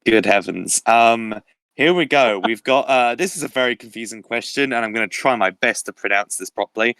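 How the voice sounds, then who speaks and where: A man's voice: medium pitch, fairly quick, vocal fry, sharp tone, dry recording. Young male quiz host, casual, dry close sound, laughs between questions. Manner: reads questions and options aloud, laughs often.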